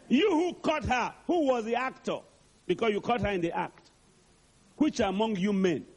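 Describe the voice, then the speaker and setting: A male preacher delivers a dramatic sermon and keeps asking the crowd to answer back. His voice is high for a man. It rises and falls a great deal and has a husky grain. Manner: dramatic, calls for responses.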